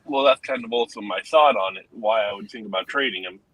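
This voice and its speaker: Husky-voiced man asking sports questions. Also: fairly low pitch, fairly quick, a bit bright, poor audio. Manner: casual, slangy. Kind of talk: casual sports chat.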